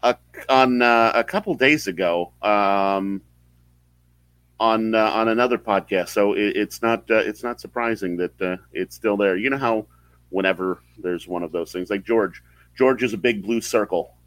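Deep-voiced man, halting podcast host. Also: fairly bright tone, dry recording, low-quality recording. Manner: halting, many fillers and restarts. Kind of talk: casual live-stream chat.

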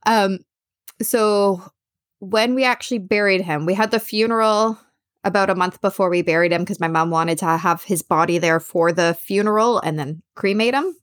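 A woman's voice: medium pitch, moderate pace, no echo, clean studio sound. A young adult woman telling a personal story candidly, acting out what people said. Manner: candid, animated, acts out quotes.

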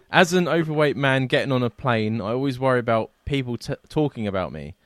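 A man's voice: medium pitch, lively intonation, normal speed, no echo. A British man hosting a casual podcast, chatty and laughing often, reading out listener emails. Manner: chatty, laughs often, says "you know what I mean". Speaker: podcast host.

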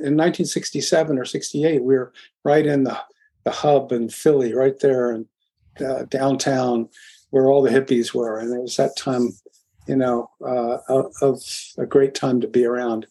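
An older man from Philadelphia, a guest in an interview, telling his story in a rambling, halting way with many restarts. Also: mid-range voice, steady tone, warm tone, husky. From Philadelphia, USA. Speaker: guest, music producer.

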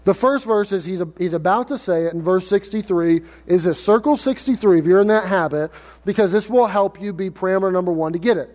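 A man's voice: high-pitched, fairly quick, a little mellow, in a large hall. A man preaching a sermon as pastor, conversational and joking, tossing out rhetorical questions.

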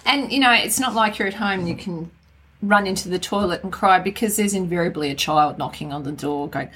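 A woman's voice: lowish voice, a little fast, fairly bright tone, breathy edge. A middle-aged Australian woman co-hosting a casual podcast chat, talking in a frank, wry and blunt way. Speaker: podcast co-host.

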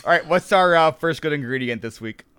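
Male podcast host, slightly high pitch, dead-dry read, chatty and rambling. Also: animated, a little fast, a bit bright, smooth, no room sound. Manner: upbeat, rambling with many fillers and restarts. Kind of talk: casual podcast chat.

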